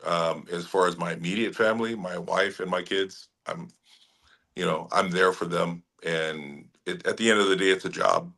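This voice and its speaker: A middle-aged man from Hawaii, an actor being interviewed, talking in a relaxed way with frequent laughs and restarts. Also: low-pitched, moderate pace. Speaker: actor guest. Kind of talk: casual interview chat.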